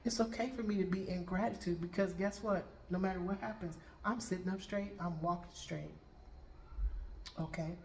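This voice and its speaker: A woman's voice: lowish voice, fairly even intonation, moderate pace, darkish tone, a little hiss or hum. Woman who keeps asking "okay?", roomy sound. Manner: checks in with "okay?" after nearly every point. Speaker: Reiki master and tarot reader. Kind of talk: spiritual storytelling to viewers. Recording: roomy room with faint background ambience.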